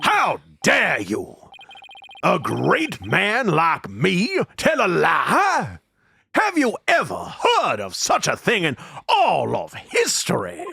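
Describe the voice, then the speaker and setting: A man reading the lines of a vain, pompous male space-agency director, drawn out slowly and self-importantly. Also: a little high, huge pitch swings, creaky, pushed and bright, breathy edge, dry recording, full character voice. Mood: indignant. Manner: grandiose, slow and self-important. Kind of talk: dramatic reading of game dialogue.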